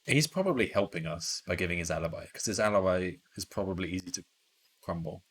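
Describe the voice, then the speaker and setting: Wry low-voiced male streamer. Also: animated, fast, fairly bright tone, breathy edge. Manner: wry, sarcastic asides. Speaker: let's play streamer. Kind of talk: casual game commentary.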